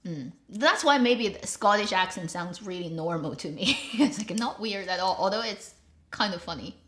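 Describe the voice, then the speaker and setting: A woman's voice: mid-range voice, animated, normal speed. A woman hosting her own show, chatting casually in a rambling way and laughing often. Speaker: host. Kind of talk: casual chat. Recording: roomy echo.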